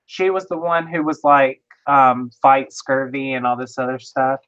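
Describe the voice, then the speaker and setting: A co-host calling bids in a casual online jewelry auction, brisk and quick with the bid calls. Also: mid-range voice, a bit bright, clean tone. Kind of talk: casual livestream chat. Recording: dull lo-fi livestream audio.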